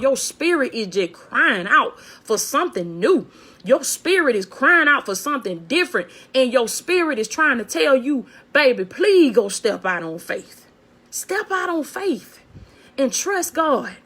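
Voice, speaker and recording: A woman's voice: sits high, bright, forceful tone. A woman preaching a motivational sermon on a phone video, fervent, repeating phrases and calling out to her listeners.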